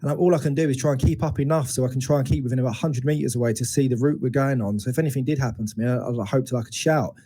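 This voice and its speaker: Mellow-voiced man recounting painful memories. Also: medium pitch. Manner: open, searching, halting retelling of painful memories. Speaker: interview guest. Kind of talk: candid personal storytelling.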